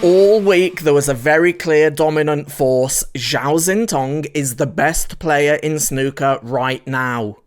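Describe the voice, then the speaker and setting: A man's voice: a little high, slow, few pauses. Playful man hosting a vlog. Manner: playful, jokey. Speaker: snooker vlog host. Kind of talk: casual vlog commentary.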